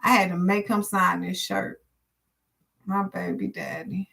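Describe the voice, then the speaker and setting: A woman's voice: medium pitch, level tone, a little slow, vocal fry, bright, forceful tone. A woman, a tarot streamer telling her viewers a long personal story in a profane, emotional, run-on way.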